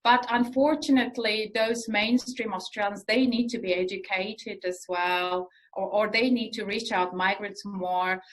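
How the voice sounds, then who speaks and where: Woman researcher talking it through, earnest, lots of ums, mid pitch. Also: fairly even intonation, rough recording. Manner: earnest, explains with many pauses and fillers. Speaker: researcher guest. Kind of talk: conversational interview answers.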